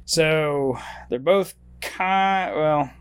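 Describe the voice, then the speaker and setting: A man's voice: fairly high pitch, extremely slow, clear, resonant tone. A man co-hosting a casual comedy podcast, swearing often, laughing a lot and reading conspiracy theories aloud. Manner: profane, laughing, reads conspiracy texts aloud. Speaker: podcast co-host.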